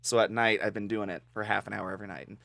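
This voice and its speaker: A man's voice: lowish voice, steady tone, very fast, vocal fry, a bit bright, dry recording, clean studio sound. A man co-hosting a podcast, telling stories in casual chat, laughing and swearing often. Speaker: podcast co-host.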